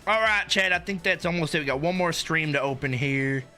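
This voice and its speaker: A man's voice: on the high side, a little fast, sharp tone, soft background music. A young man hosting a live stream in casual chat, hyped and rambling, with lots of filler words.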